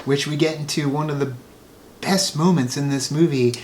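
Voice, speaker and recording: A man co-hosting a casual film discussion who steers the talk along and drops lively asides. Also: a little high, moderate pace. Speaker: podcast co-host.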